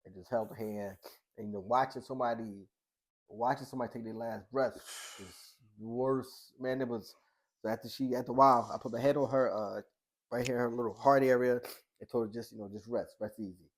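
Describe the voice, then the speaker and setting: A middle-aged man, a boxing coach and social worker, tells a personal story in a podcast interview. He speaks colloquially and earnestly, often acts out past conversations as quoted dialogue, restarts his sentences and drops to a hushed voice. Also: medium pitch, steady tone. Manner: halting with restarts, softening to a hushed voice.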